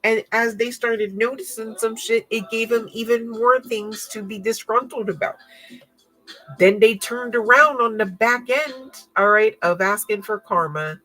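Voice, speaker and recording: A woman's voice: mid-range voice, sharp tone, low-quality recording. A woman giving a casual tarot reading in a blunt, profane, slangy way, often laughing. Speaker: tarot card reader.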